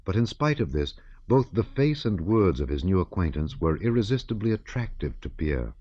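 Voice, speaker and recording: A man narrating an audiobook in a measured, even reading style. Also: deep voice, dry recording, dull audio.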